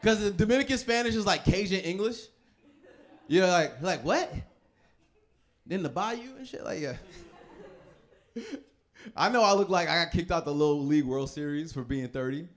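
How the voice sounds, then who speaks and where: A man in his thirties doing a stand-up comedy set, telling loose, laughing stories and switching quickly into other people's voices. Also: on the high side, lively intonation.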